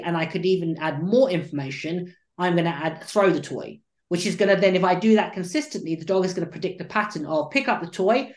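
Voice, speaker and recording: A man, a dog trainer and coach, explaining his training methods at length in an animated interview. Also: sits high, fairly quick, hardly any pauses. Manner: animated, acts out what the dog thinks. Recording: roomy echo.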